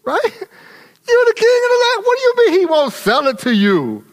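A shrill, scornful queen, put on by a man preacher, needles her pouting husband in a sermon story. The voice is pitched way up, swoops widely, and mocks with every line. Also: huge pitch swings, normal speed, heavily acted. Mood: mocking. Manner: shrill, taunting and mocking.

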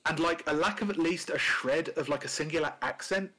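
Male podcast co-host, husky voice, loose rambling delivery, casual and sweary. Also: a little high, a little fast, bright, forceful tone, rough recording. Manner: rambling, many fillers and restarts, swears. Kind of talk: casual chat.

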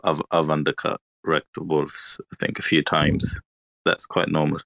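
A man's voice: very deep voice, level tone, unhurried, vocal fry, a bit bright, no echo. A man in a casual online chat who speaks in a casual, matter-of-fact way.

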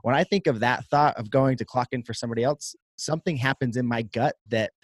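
A man's voice: mid-range voice, fast talker, no room sound, clean studio sound. A man who owns a gym and coaches, talking candidly and earnestly in a casual podcast chat. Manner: candid and earnest, restarts often.

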